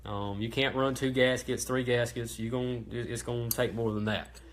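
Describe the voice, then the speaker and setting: A man hosting a casual how-to livestream about engine parts, talking in a relaxed, chatty way with many ums and restarts. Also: medium pitch, moderate pace. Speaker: host of a racing parts livestream.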